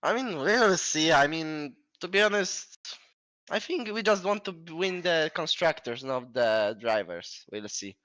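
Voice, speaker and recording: Man, race winner interview, modest, halting, slightly high, dry close mic. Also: animated, sharp tone, dry recording. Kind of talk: casual post-race interview.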